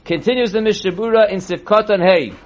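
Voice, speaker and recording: A man teaching a text-based class as a rabbi, reading passages slowly and then explaining them in a plain tone. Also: high voice. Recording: dull lo-fi recording.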